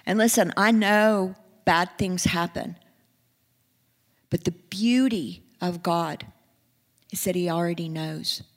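A woman preaching a sermon, earnest, moving from hushed and soft passages to rising, emphatic ones. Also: on the low side, slow, long pauses, in a large hall.

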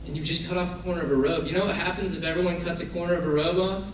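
A man with a slightly high voice races through a casual, conversational sermon, his intonation fairly even. He acts out the people he quotes in his stories. The recording is distant, in a very echoey room with faint noise.

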